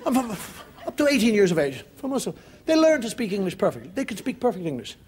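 A middle-aged man doing a stand-up storytelling monologue, moving from low, confiding asides to loud bellowing. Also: very animated, fast talker, a faint crowd. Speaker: comedian. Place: television studio with live audience. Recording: loud audience laughter, noisy broadcast.

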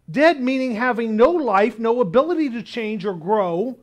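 A male pastor preaching a sermon, telling a story and slowing down hard on key words. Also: very high voice, big pitch swings. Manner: emphatic, slows down on key words.

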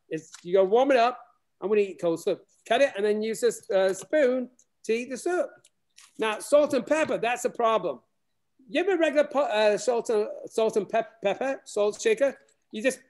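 Playful man demonstrating space food. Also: extremely high pitch. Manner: lively, playful, many restarts. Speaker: space program educator. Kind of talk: remote classroom demonstration. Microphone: video call.

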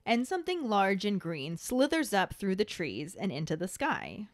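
A woman's voice: mid-range voice, very animated, moderate pace, few pauses, no echo, studio quality. A woman co-hosting a podcast, comparing a book with its film in a playful, punning way. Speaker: podcast co-host.

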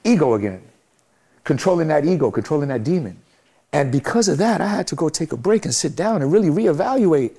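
Middle-aged New man, interview guest; emphatic, preachy repetition, voice on the higher side. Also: lively intonation, brisk, dark tone, breathy edge. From Brooklyn, New York. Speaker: guest, music manager. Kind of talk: candid interview talk.

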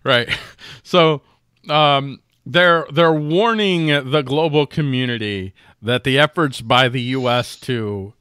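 A man's voice: mid-range voice, bright, forceful tone, no echo, clean studio sound. A man co-hosting a podcast, chatting casually and sarcastically with rambling restarts. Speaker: podcast co-host. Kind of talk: casual political chat.

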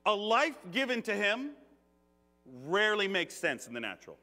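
A man preaching a conversational sermon in a church, joking, animated and laughing often. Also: high-pitched, moderate pace. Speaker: guest preacher. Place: church sanctuary. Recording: long reverb of a church hall.

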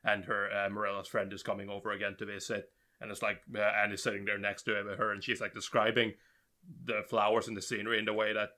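A man co-hosting an anime podcast, chatting in a relaxed, rambling way with many restarts. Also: lowish voice, fast talker. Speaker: podcast co-host. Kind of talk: casual chat.

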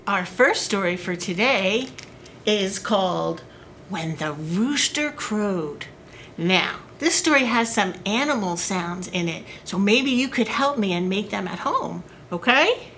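A librarian at preschool story time reads aloud with a bright, clear tone, her pitch swooping up and down. She takes her time over each phrase, very slow and deliberate. A faint hiss sits under the voice. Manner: slow, expressive read-aloud for small children. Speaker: children's librarian.

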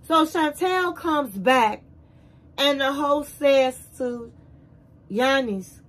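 A woman hosting a casual show recap, retelling scenes in an animated way and acting out the quotes. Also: high voice, extremely slow, low-quality recording.

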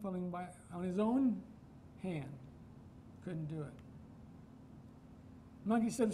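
A man's voice: sits high, warm tone, slight background noise, poor audio. A man from Iowa preaching a sermon as pastor, emphatic and asking his congregation questions. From Iowa, United States.

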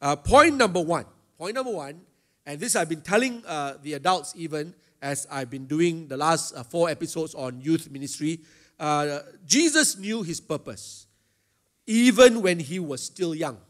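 A man's voice: on the high side, expressive, moderate pace. A middle-aged man, a pastor teaching a chapel talk to secondary school students. He asks them questions and often hesitates with fillers.

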